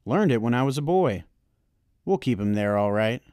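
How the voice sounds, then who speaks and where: A man voicing a kindly, proud old grandfather in an audiobook reading, talking in a booming, hearty, encouraging way. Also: animated, normal speed, darkish tone, smooth, dry recording, clean studio sound, natural voice.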